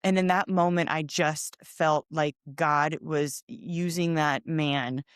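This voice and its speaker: Expressive middle-aged woman telling a story. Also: sits low, slow, clean tone, dry recording, studio quality. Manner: expressive, animated storytelling with lively quoted voices. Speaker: podcast host. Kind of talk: casual storytelling chat.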